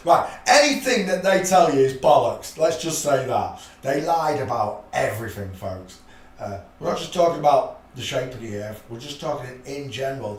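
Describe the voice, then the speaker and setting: A man hosting a rambling live stream, muttering to himself and chuckling in a blunt, offhand way. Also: mid-range voice. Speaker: channel host. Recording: echoey room, mic at a distance, faint hiss.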